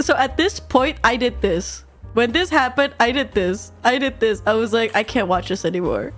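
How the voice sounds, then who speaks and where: Young woman streamer, brightish voice, rowdy and swears, faint music behind. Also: on the high side, normal speed. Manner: excitable, swears a lot, laughs often. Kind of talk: casual chat while drawing.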